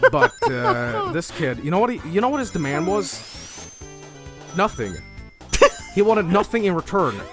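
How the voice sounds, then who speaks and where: A young adult man telling an animated, profane story, laughing often and acting out quotes in high voices. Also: moderate pace, pauses often, faint music behind. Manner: profane and excitable. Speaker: streamer reacting to an animation.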